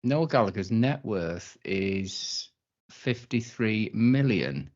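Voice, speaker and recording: A man's voice: fairly low pitch, lively intonation, slow pace, darkish tone, highs cut off. A man with a Manchester accent, chatting casually on a podcast, blunt and wry. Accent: Mancunian. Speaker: podcast co-host. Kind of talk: casual chat.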